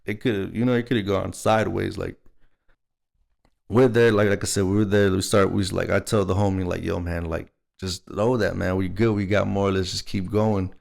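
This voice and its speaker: A man's voice: deep voice, level tone, normal speed, vocal fry, darkish tone. A young man from Texas, telling a personal story in a rambling, casual way, full of "like" and "you know what I mean". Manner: rambling, filler-heavy, laughing storyteller.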